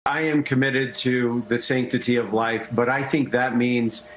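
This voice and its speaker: A man's voice: medium pitch, steady tone, measured pace, fairly bright tone, a little hiss or hum, poor audio. Hesitant man answering questions. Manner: hesitant, repeats words. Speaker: political candidate. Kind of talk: interview answer.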